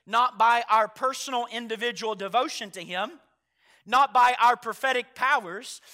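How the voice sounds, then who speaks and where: A man with a very high, bright voice preaches a sermon to his congregation. He moves from quiet, steady explanation to loud, emphatic passages, hammering home key phrases through repetition. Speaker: pastor.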